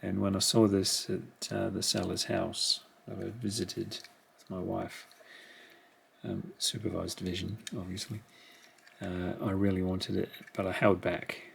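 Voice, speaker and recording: A middle-aged man talks slowly and quietly, half to himself, as he unboxes a collection at home. His voice sits low, with a gravelly edge. Loud crinkling and rustling packaging runs underneath. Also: level tone. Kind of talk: casual unboxing commentary. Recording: rustling packaging noise behind.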